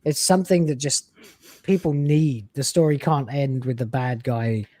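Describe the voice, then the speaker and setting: A man's voice: medium pitch, normal speed, dark tone, no room sound, studio quality. A man with a British accent chatting casually on a live stream, laid-back and sarcastic. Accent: British English. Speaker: podcast co-host.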